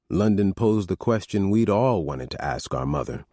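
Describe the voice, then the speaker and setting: Male audiobook narrator, first person, lively pitch, lowish voice, dry close mic. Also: moderate pace, no room sound.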